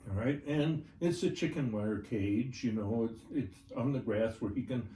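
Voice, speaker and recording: An older horse trainer tells a personal story in an interview, his medium-pitched, dark voice moving at a moderate pace. He's folksy and keeps checking in with "right?" and "all right?" The recording is roomy and distant, with faint ambience and a little hiss or hum.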